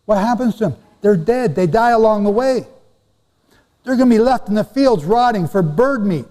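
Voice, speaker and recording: A man's voice: sits high, animated, normal speed, mellow. A man giving a casual Bible lecture with slides to an audience, repeating and stressing words as he talks to them directly. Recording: echoey hall.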